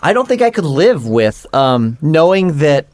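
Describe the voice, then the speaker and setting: A man's voice: a little high, sing-song, measured pace, darkish tone. A man co-hosting a casual podcast, teasing his friend with pointed follow-up questions. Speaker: podcast co-host. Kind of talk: casual chat.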